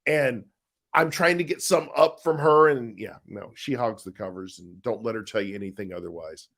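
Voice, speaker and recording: Middle-aged male co-host, relaxed and rambling, chatting live with viewers, plenty of restarts. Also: medium pitch, normal speed, creaky. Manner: easygoing, rambling, with frequent restarts and laughs. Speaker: co-host of a live chat show, husband of the author. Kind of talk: casual live-stream chat reading viewer comments.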